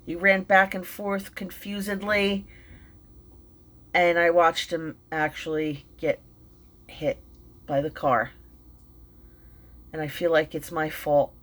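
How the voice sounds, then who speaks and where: A middle-aged woman telling an emotional personal story, halting, with many fillers and restarts, and sounding tearful and shaken. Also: lowish voice, flat delivery, fairly bright tone. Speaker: vlogger and mindfulness teacher.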